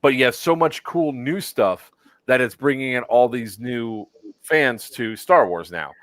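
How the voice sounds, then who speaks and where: A man's voice: mid-range voice, animated, measured pace, a bit bright, no echo. A man co-hosting a casual group stream, talking in long rambling turns with many fillers and restarts. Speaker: podcast co-host.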